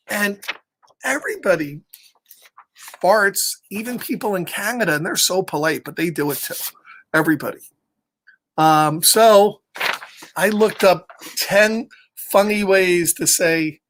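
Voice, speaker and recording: Slow, playful man reading to kids. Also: high-pitched, a bit bright. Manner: playful and chatty, chuckles often, greets listeners by name. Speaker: children's storytime reader. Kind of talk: reading a picture book aloud to children.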